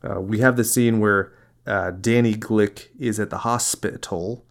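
A man's voice: lowish voice, fairly even intonation, a little slow. A man co-hosting a casual podcast about a film, joking sarcastically and acting out lines in voices. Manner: sarcastic, jokey, acts out quotes in voices. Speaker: podcast co-host.

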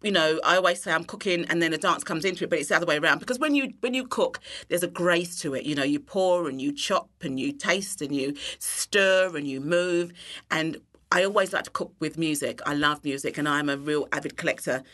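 Low-voiced woman chatting brightly. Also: a little fast. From England. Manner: expressive, bursts of laughter, many fillers. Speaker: interview guest, cooking teacher. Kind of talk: casual chat.

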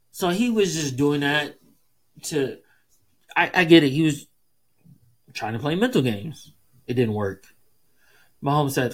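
A man hosting a solo sports podcast, ranting casually and heatedly, with frequent swearing and emphatic rises in pitch. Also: big pitch swings. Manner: heated, profane, emphatic, fast swings in pitch. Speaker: podcast host.

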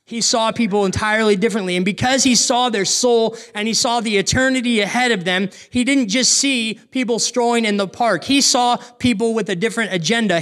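High-voiced earnest male preacher. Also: a bit bright. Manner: earnest, asks rhetorical questions, slows down for emphasis. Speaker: pastor. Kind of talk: sermon.

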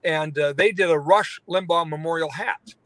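A man's voice: fairly high pitch, moderate pace, a bit bright, no echo. A man, a radio talk show host, telling a long story with lots of fillers and restarts. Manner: rambling, many fillers and restarts. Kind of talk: phone-in interview storytelling.

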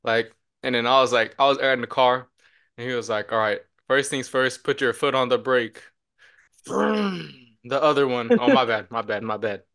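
A young man co-hosting a podcast, telling a story in a loose, animated way and acting out the voices of the people in it. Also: medium pitch, normal speed, creaky, clean tone. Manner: animated storyteller, acts out quotes with shouts. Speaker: podcast co-host. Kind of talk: casual storytelling chat.

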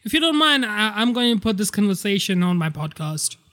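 A man hosting a casual spoiler podcast, rambling excitedly and swearing a lot as he recaps a movie. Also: high-pitched, brisk. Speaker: podcast host.

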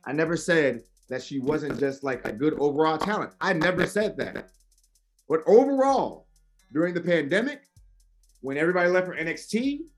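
On a podcast, a man argues his side in a heated wrestling debate, emphatic and insistent as he keeps repeating his points. His voice sits high.

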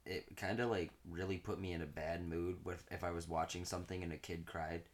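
A man telling a long, crude story to friends in a casual chat, animated and swearing, often laughing through his punchlines. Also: low voice, a little fast.

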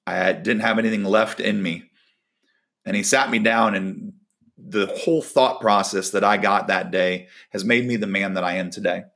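A man with a low, gravelly voice gives a casual devotional talk as a volleyball coach. He tells a personal story, voicing the people in it as he goes. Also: normal speed, fairly bright tone. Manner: storytelling, acts out quoted dialogue.

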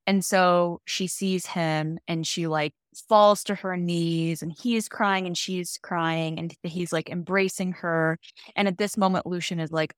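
Young female podcast co-host, lowish voice, dry close-mic sound, chatty recap delivery. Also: unhurried, no room sound. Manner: chatty, animated storytelling, lots of "like". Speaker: podcast co-host explaining fantasy books. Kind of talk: casual chat.

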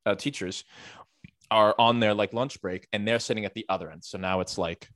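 A man with a lower-pitched voice tells a rambling teacher's story in a casual chat, piling on fillers and swearing freely. The recording is dry and close, with no room sound behind it. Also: moderate pace, a bit bright, no room sound. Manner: rambling, filler-heavy, profane.

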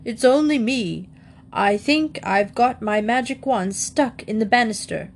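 A woman's voice: fairly high pitch, a little slow. A woman reading a storybook, voicing an earnest, eager young male bear who talks breathlessly and with great self-importance.

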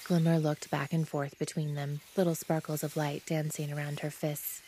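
A woman reading fan fiction aloud as a podfic, in steady, measured narration. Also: sits low. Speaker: podfic reader. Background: background music.

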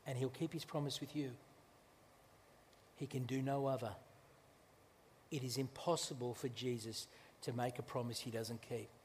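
A male pastor preaching a sermon in a conversational way, with restarts and slow, emphatic phrases, in a church. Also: mid-range voice, fairly even intonation, a little mellow, in a large hall, a little hiss or hum.

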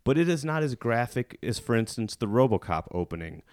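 A man hosting a podcast, recapping a movie in casual chat with friends, animated and quick to laugh. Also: mid-range voice, no room sound, studio quality. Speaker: podcast host.

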